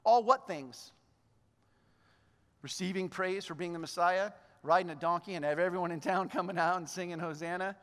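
A man preaching a sermon, animated, acting out the lines of the figures he talks about. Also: fast, hardly any pauses, clean tone, big-room sound. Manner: hushed, low voice in prayer. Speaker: pastor.

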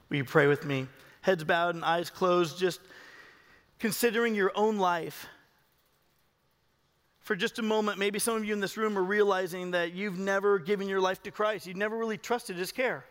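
A male pastor preaching a sermon with passion, moving from hushed to loud as he tells a story. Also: high voice, moderate pace, vocal fry, in a large hall. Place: large church hall with a loft.

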